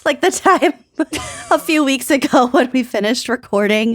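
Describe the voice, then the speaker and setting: Woman co-host, slightly high voice, giggly, dry close recording. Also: expressive, unhurried, a bit bright, dry recording, soft background music. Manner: giggly, storytelling. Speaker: podcast co-host. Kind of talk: casual chat.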